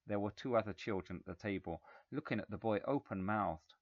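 A man narrating a story in a measured, even reading voice. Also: on the low side, no echo. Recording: slightly dull, dry recording.

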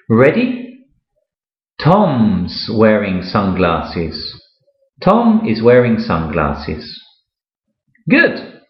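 Slow, patient male English teacher. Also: mid-range voice, roomy sound, muffled recording. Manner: slow and patient, repeats each sentence, lively rising praise. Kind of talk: slow, repeated English lesson with Spanish explanations.

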